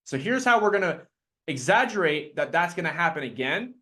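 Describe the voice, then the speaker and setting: A man with a fairly high voice runs a live sales training session. He's energetic and quick to imitate his clients in put-on voices.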